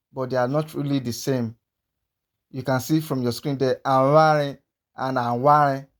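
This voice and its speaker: A man gives a pronunciation lesson at a middle pitch. He is patient and careful, repeating each example word several times and slowing down to model the sounds clearly. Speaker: language teacher.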